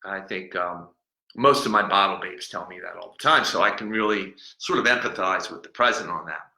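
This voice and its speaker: A man's voice: low voice, a little fast, vocal fry, bright, forceful tone. A man hosting a comedic podcast as a boastful, cranky talking-bottle persona, rambling and mocking and stumbling over words. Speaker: podcast host. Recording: echoey room.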